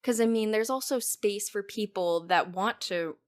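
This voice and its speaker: A young woman hosting a podcast in casual conversation, enthusiastic and affirming, her voice going a little hoarse. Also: medium pitch, normal speed. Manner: enthusiastic, affirming, frequent agreement. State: losing her voice. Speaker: podcast host.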